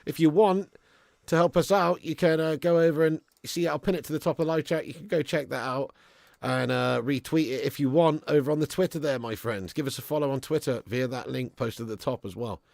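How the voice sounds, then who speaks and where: A young man hosting a live football watch-along stream, hyping donors with loud banter and dropping to low mutters. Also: a little fast, creaky, no room sound, clean studio sound. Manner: excitable, banter-heavy, swings from loud hype to low mutters.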